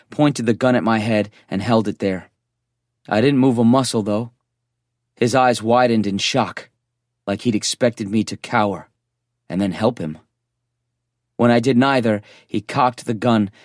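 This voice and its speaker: A man reading a first-person thriller audiobook in a tense, measured storytelling voice. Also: fairly low pitch, dry recording, studio quality. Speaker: audiobook narrator.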